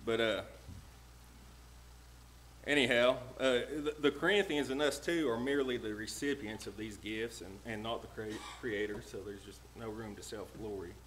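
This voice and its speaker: A man preaching a plain-spoken, homespun sermon in a church, slowing down to read old-style scripture verses. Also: lowish voice, a bit bright, a little hiss or hum, rough recording. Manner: plain-spoken and homespun, reads King James verses slowly. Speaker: lay preacher. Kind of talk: folksy sermon with scripture reading. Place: church sanctuary.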